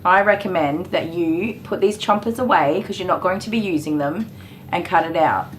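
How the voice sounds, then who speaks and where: A middle-aged woman with a lowish voice chats casually and sarcastically, laughing easily. Her voice bounces around an echoey grooming room. Faint clippers buzz underneath. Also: normal speed, background noise. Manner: chatty, dry and sarcastic, laughs often, scolds the dog gently. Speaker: dog groomer livestreaming. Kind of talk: casual chat while working. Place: grooming salon indoors. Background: electric clippers buzzing.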